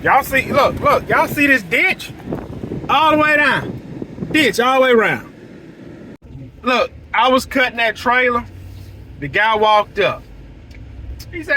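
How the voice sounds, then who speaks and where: A man telling an excitable, repetitive story to viewers from his vehicle. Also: very high-pitched, a little slow, pauses often, a little hiss or hum, low-quality recording. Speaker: lawn care business owner. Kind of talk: casual storytelling vlog. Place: vehicle, driving outdoors.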